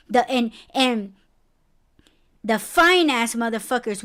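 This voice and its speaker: A woman's voice: sits high, measured pace, clean tone. A woman hosting a casual podcast conversation. She rants bluntly, swears a lot and breaks into emphatic, rising outbursts. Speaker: podcast host.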